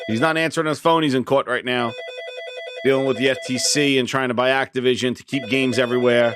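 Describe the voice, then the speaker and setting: A man hosting a gaming live stream in casual chat from his home streaming room. He is excitable and rambling, and calls out viewers' names from the chat. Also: medium pitch.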